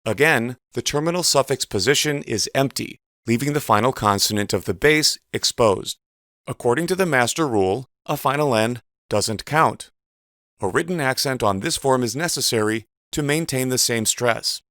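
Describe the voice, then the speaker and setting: A man giving a measured, precise instructional voice-over as a teacher. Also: medium pitch, lively intonation, fairly bright tone, dry recording, studio quality. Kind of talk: scripted instructional narration.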